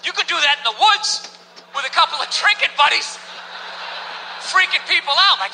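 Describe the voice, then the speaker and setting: A man's voice: extremely high pitch, lively intonation, moderate pace, pauses often, pushed and bright, long reverb tail, slight background noise, poor audio. A man performing a stand-up comedy set on stage before a live audience, ranting in profane disbelief and firing off rhetorical questions.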